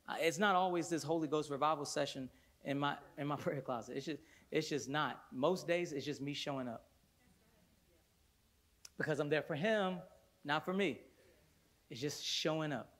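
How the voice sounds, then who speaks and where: Brief: male worship pastor, high-pitched voice, fervent sermon in a church with loud peaks and quiet intense passages. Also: moderate pace. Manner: fervent preaching with sudden loud bursts and hushed stretches; playful storytelling asides with laughter. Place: church sanctuary before a congregation.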